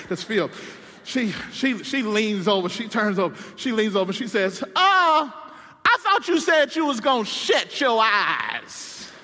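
A man preaches a comedic sermon, animated and playful, breaking off for self-deprecating asides. His voice sits high and sounds bright and forceful. It rings with the long reverb of a large sanctuary. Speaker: pastor.

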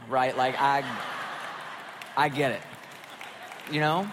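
A middle-aged man preaching a sermon as pastor, in a conversational, animated way, acting out voices when he quotes people. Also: medium pitch, unhurried, long pauses, some chatter behind, slight background noise. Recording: long hall reverb.

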